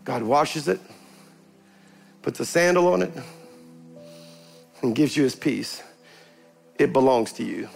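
A man's voice: medium pitch, takes it slowly, creaky, pauses often. Older preaching man, music behind. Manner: animated storytelling, rising to forceful preaching then quiet prayer. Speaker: pastor. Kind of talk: sermon. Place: church sanctuary.

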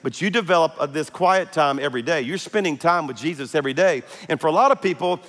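A man's voice: fairly high pitch, fast, a bit bright, long reverb tail. A male pastor, preaching a conversational sermon with frequent fillers. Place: large church auditorium.

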